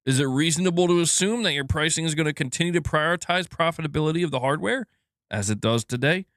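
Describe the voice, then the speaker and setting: A man doing an eager high-voiced investor. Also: fast, fairly bright tone, no room sound, studio quality, lightly acted. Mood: inquiring. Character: eager male investor asking questions.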